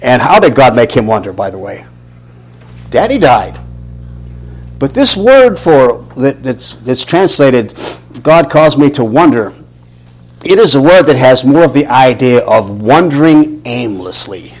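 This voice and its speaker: A man's voice: mid-range voice, a little slow, slightly rough, low-quality recording. A man, teaching a Bible lesson as a sermon, questioning and restarting often. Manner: animated, questioning, many restarts.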